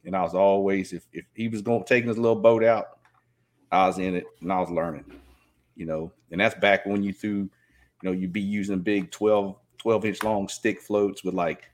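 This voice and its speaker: A man's voice: sits low, steady tone, moderate pace. A man, rambling casually as a podcast guest and filling his talk with "you know". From Southeast Georgia. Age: 50s. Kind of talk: casual chat.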